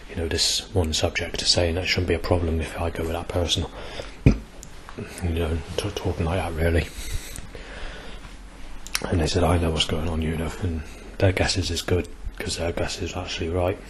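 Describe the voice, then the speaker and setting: Low-voiced rambling man in his forties. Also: little pitch movement, normal speed, a crowd in the background, rough recording. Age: 40s. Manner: hesitant, rambling, many ums. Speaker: vlogger. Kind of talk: rambling video diary. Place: outdoors near a busy bus station.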